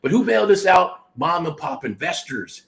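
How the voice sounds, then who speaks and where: A middle-aged man from the United States hosting a show, talking casually and pitching a program, rambling with restarts and frequent swearing. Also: expressive, normal speed, gravelly, a bit bright. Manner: rambling, profane, self-interrupting. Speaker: host. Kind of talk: casual promotional talk.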